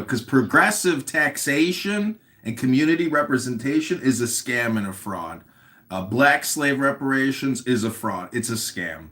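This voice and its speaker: Blunt emphatic man, lively bright voice. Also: mid-range voice. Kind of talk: casual chat.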